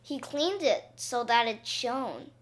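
A woman reading a children's story aloud, slowly and expressively. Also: on the high side. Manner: slow, expressive read-aloud.

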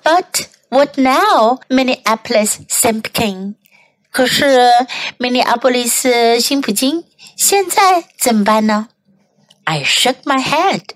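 A woman's voice: fairly high pitch, fairly bright tone. A woman teacher reading a picture book aloud, following each line with a translation. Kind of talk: bilingual storybook reading.

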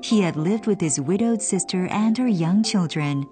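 A woman narrating a children's storybook in an expressive storytelling cadence. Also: mid-range voice, normal speed, over music.

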